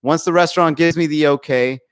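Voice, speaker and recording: Swearing, animated comedian on a livestream. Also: male voice, on the high side, brisk, clean tone. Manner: animated, swearing, acting out quoted voices. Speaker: comedian and livestream podcast host. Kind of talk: casual livestream chat reading viewer comments. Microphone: phone for live stream.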